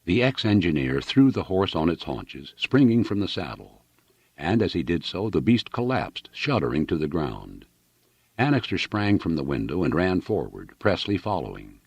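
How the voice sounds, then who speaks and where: A man narrates a novel with a deep, husky voice and a lively, swinging delivery. He tells the story dramatically, and the recording is close and dry. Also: moderate pace, no room sound. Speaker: audiobook reader.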